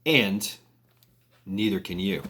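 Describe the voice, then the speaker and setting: A man's voice: sits low, takes it slowly, pushed and bright, slightly rough, pitched below the performer's own voice, exaggerated voice. A man voicing a stern male FBI agent who delivers blunt warnings.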